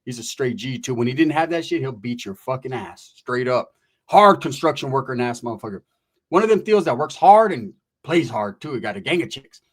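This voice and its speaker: A man's voice: medium pitch, animated, a little fast. A man telling a rambling comic story in crude, profane language, acting out the people he quotes.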